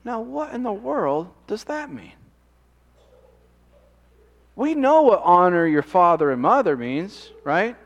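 A man's voice: high-pitched, sing-song, takes it slowly, pauses often, long reverb tail, muffled recording. A man preaching a sermon in a conversational way, often asking the congregation questions. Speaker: pastor.

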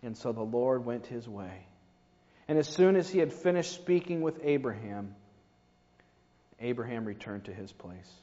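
A man's voice: mid-range voice, expressive, moderate pace, dark tone. Man preaching in a reverberant hall. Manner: conversational, rhetorical asides. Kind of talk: sermon. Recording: dull reverberant hall recording.

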